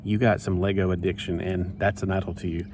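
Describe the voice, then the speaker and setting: A man's voice: low-pitched, brisk. A man chatting casually in a rambling, self-interrupting way while he builds a toy set. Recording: steady background noise.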